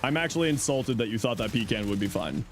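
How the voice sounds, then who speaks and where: A man's voice: medium pitch, expressive, quick pace, a little hiss or hum. A middle-aged man chatting casually on his livestream, answering chat in a playful, teasing way and laughing often.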